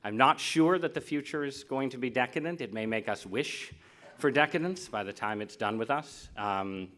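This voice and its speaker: A man's voice: medium pitch, normal speed, fairly bright tone. An American man giving a public lecture as guest speaker, joking at his own expense and often restarting his sentences. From United States. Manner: self-deprecating, joking, with restarts. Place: lecture hall.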